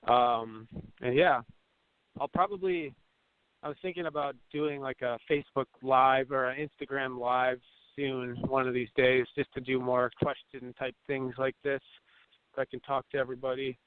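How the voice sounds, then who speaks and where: A man appearing as a guest on a talk show, speaking in a relaxed, easygoing way. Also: medium pitch, normal speed, clear, resonant tone, no room sound. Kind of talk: casual interview. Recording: dry narrow phone line.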